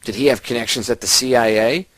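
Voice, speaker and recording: A man's voice: mid-range voice, fast, a bit bright, no room sound, rough recording. A man hosting a radio show, delivering an emphatic, ranting monologue straight to his listeners. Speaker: host.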